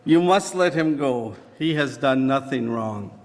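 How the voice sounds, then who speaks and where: A preacher voicing a desperate pleading disciple. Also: male voice, mid-range voice, lively intonation, a little slow. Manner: pleading, frantic. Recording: long church reverb.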